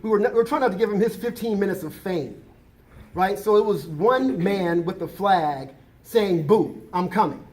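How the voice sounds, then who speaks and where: A man's voice: high voice, animated, normal speed, a little mellow. A man, a college diversity administrator, giving impassioned remarks at a campus forum, emphatic and repeating his key points.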